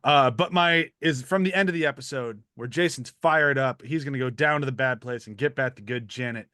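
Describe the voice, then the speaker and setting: A man hosting a casual podcast chat, quick to laugh and animated as he talks. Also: mid-range voice, dry recording, clean studio sound. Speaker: podcast host.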